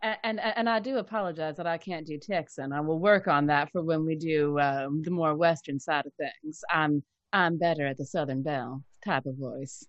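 A woman's voice: deep voice, moderate pace, hardly any pauses, no room sound, lo-fi sound. A woman voice actor chatting casually and enthusiastically about voices and accents. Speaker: voice actor guest. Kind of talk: casual chat.

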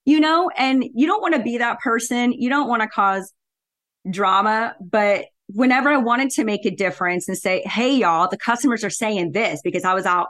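A woman's voice: mid-range voice, fairly bright tone. A middle-aged woman talking bluntly and assertively in a casual interview, laughing often. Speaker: podcast guest, real estate investor.

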